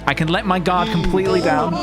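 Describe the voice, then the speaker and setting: Man streamer, casual chat, giggly, slightly high voice, music playing behind. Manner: chatty, giggly, talks to chat.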